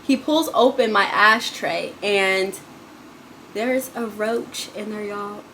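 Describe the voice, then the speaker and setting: A woman telling a personal story in a casual storytime vlog, chatty and dramatic, calling the viewers y'all and swinging between loud and hushed. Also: medium pitch, takes it slowly, a little hiss or hum. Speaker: vlogger.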